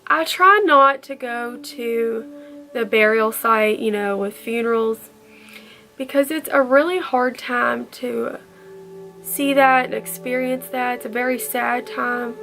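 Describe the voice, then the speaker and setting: Girl telling a story, high voice with lots of fry, real heartfelt. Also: fairly even intonation, takes it slowly, a bit bright, faint music behind. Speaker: vlogger. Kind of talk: storytime vlog.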